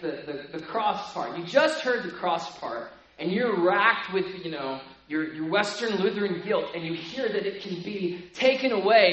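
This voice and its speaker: A male pastor preaching with animated energy. He stumbles and repeats words as each point builds, and he keeps asking his listeners "right?" to bring them along. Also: high voice, lo-fi sound. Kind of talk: sermon.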